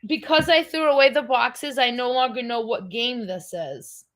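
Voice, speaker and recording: A woman's voice: a little high, normal speed, a bit bright. A middle-aged woman hosting a livestream, chatting casually in a blunt, rambling way. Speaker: livestream host. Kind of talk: casual chat.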